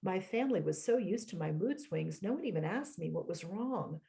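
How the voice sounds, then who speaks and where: A woman author reading aloud from her own memoir in a measured, reflective way, with short personal asides, over a home computer mic on a video call. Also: lowish voice, expressive, creaky, warm tone.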